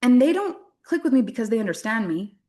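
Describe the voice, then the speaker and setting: A woman's voice: fairly high pitch, sing-song, fast talker, dark tone, faint music behind. A woman from French-speaking Canada giving a motivational workshop talk as a business coach, candid and self-deprecating, laughing often.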